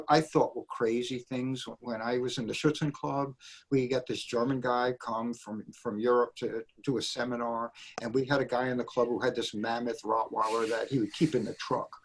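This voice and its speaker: A man on a dog trainers' panel, chatting casually and telling animated stories, acting out the people he quotes. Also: mid-range voice, husky. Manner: animated storyteller, acts out quotes.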